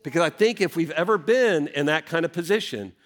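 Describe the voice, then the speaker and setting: A middle-aged man, a senior pastor preaching a sermon and telling a family story with dramatic swings in his voice. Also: a little fast. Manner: animated, dramatic storyteller with big swings in pitch.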